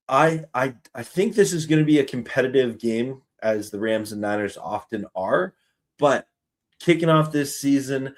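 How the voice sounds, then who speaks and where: A Canadian man hosts a casual sports talk stream, running through his predictions with an upbeat, chatty manner. His voice sits in a middle pitch, and he pokes fun at himself as he goes. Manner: chatty, upbeat, self-deprecating. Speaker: sports podcast host.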